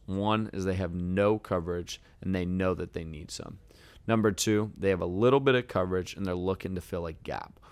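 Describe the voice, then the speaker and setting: A man with a very low, smooth, clear voice coaches in a relaxed, encouraging way. He lays out his advice point by point, recorded close up in a dry room with no echo. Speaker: sales trainer and host. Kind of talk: casual coaching talk.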